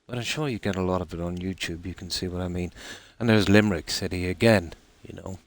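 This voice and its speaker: Talking fast, an Irish man with a notably low, deep voice addresses his live-stream viewers during play. His casual chatter wanders and doubles back, full of ums and fresh starts.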